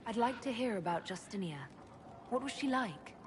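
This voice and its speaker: A woman's voice: fairly high pitch, animated, moderate pace, noisy background, natural voice. A woman voicing a female player hero in a video game, asking questions in a plain, inquiring way. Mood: curious.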